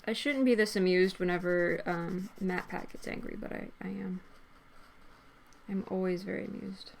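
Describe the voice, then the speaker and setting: A woman's voice: fairly low pitch, fairly even intonation, a little hiss or hum. A woman co-hosting a casual drawing session, talking in a playful, teasing way. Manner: playful, teasing, quick to laugh. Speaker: co-host. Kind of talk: casual chat while drawing.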